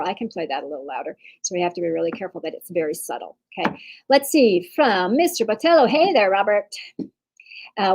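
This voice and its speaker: Speaking in a medium-pitched, darkish voice on a rough recording, a woman from Texas leads an online percussion masterclass. She's chatty and reassuring, with plenty of fillers and restarts.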